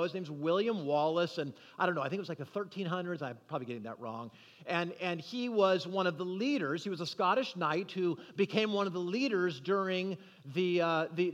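High-voiced pastor preaching in a reverberant hall. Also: male voice, a bit bright. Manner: conversational, with frequent restarts and rising emphasis. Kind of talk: sermon.

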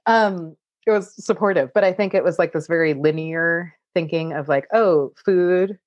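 A woman's voice: sits low, steady tone, moderate pace, dry recording, muffled recording. A woman cookbook author answering audience questions in casual chat, laughing often and saying "like" a lot. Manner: chatty, laughs often, many "like" fillers.

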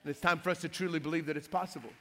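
Guy preaching, high bright voice, jokey storytelling. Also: very fast, long reverb tail, a little hiss or hum. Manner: lively storytelling with playful trash-talk asides. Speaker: pastor. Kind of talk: sermon.

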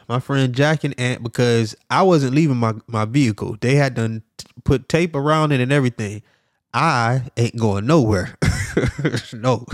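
A middle-aged man hosting a podcast who tells a story in an animated way, laughing often and acting out the sounds. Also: medium pitch, dry recording, clean studio sound. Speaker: podcast host.

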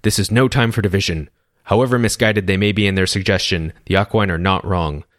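A man voicing a weary, commanding male chieftain in a storybook reading, in a measured, authoritative way. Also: low voice, steady tone, no echo, studio quality, close to an everyday voice.

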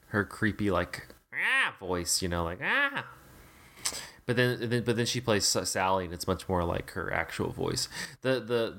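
A man's voice: low-pitched, fairly bright tone. A man in casual podcast chat about a film, rambling with many fillers and restarts.

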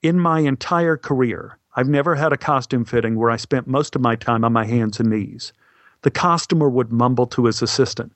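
A middle-aged male actor telling a story in a wry, deadpan way. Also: medium pitch, normal speed, no room sound. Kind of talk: storytelling monologue.

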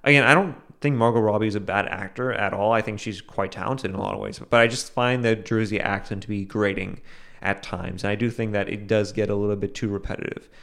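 A young man with a low, smooth voice talks through a solo podcast episode. He rambles in a casual way and often stops to restart his sentences. The tone stays loose and conversational. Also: fairly even intonation, quick pace, fairly bright tone. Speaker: podcast host.

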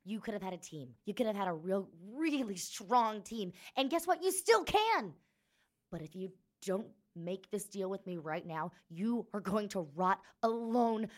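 A woman playing a fierce woman leader in a tabletop game, swinging between hushed threats and loud outbursts. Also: medium pitch, natural voice. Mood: threatening. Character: fierce woman leader confronting a former ally.

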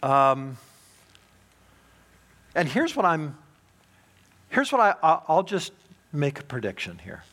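A man preaching a sermon as pastor, emphatic, swinging between loud urgent points and hushed low ones. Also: wildly swooping pitch, slow, long pauses. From United States.

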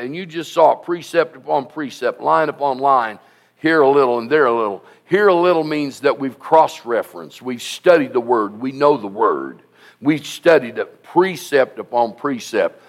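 A man preaching a sermon as pastor, emphatic and repetitive, rising at times to shouts. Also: fairly high pitch, vocal fry.

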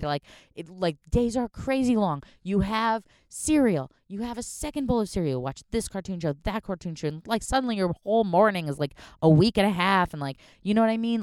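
Young woman podcast host, slightly hoarse, low voice, smooth and dry, rambling chatty rant in a car. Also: no echo. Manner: rambling, self-deprecating, chatty with many fillers. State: a little hoarse. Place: in a parked car.

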